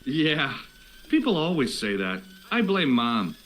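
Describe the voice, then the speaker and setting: A man's voice: mid-range voice, big pitch swings, slow, fairly bright tone, low-quality recording. An actor voicing a joking young American man, the hero of a video game, with an American accent. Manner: dry and joking.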